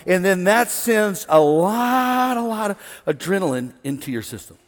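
Middle-aged guy preaching a sermon, kinda high voice, big reverby church hall, gets loud then goes real quiet. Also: normal speed. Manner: animated, swinging from loud excitement to hushed calm. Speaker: pastor. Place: large church hall with an audience. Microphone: wireless stage mic.

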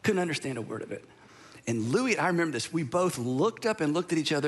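A man's voice: fairly high pitch, lively intonation, fast. A middle-aged man from the southern United States preaching a sermon, earnest and conversational, telling stories with frequent restarts. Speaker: pastor.

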